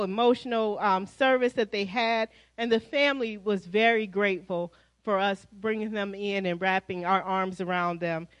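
A woman pastor with an American accent giving lively, chatty church announcements to her congregation, calling them y'all. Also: fairly high pitch, dry recording, low-quality recording. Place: church sanctuary.

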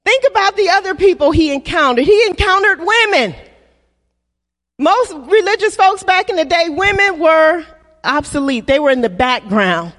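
A woman's voice: very high voice, lively intonation, moderate pace, fairly bright tone. A woman preaching a sermon to a congregation, leading call-and-response and repeating key lines. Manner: acts out playful voices in quoted dialogue. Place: church. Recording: long reverb of a church hall.

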